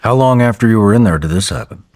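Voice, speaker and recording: Low-voiced male podcast host, dry. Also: animated, fast, a little mellow, no echo. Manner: brief reactions and direct questions. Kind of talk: interview host, reads ad.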